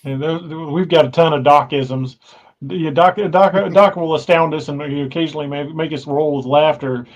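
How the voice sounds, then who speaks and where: A Midwestern man chatting on a podcast in an easygoing way, quick with comebacks. His voice sits a bit high, and his audio sounds dull and muffled. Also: fairly even intonation. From American Midwest. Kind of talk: casual podcast chat.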